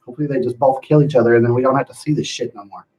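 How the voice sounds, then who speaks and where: Profane, laughing livestream host. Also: male voice, medium pitch, steady tone, rapid-fire, darkish tone, rough recording. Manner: loose, profane and laughing, slipping into rants. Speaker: livestream host reading chat. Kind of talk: casual livestream chat.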